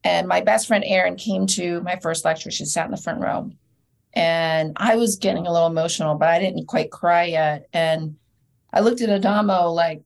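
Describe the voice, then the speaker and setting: Measured woman with a lowish voice. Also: fairly even intonation, gravelly. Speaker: dentist and educator. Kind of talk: casual interview conversation.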